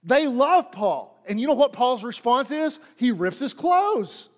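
A man's voice: very high-pitched, sing-song, a little slow, in a large hall. A man preaching a sermon as pastor, repeating lines and leaning hard on them for emphasis. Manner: preaching with dramatic emphasis and repetition.

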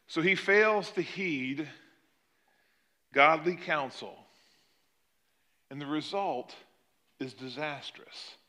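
A man delivers a sermon with a bright, forceful voice pitched a little high. He retells a Bible story with lively energy, slipping into the characters' lines as he goes. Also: takes it slowly, pauses often. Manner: animated storytelling, acting out quoted lines. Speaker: pastor.

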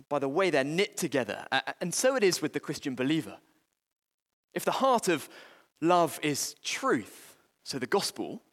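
Earnest preacher in a reverberant hall. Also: male voice, on the high side. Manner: earnest, halting, many restarts and fillers. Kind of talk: sermon.

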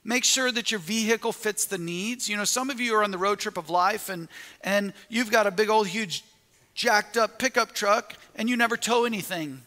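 A man's voice: high-pitched, moderate pace, pushed and bright, in a large hall. A man preaching a sermon, telling a story with quoted asides and frequent restarts.

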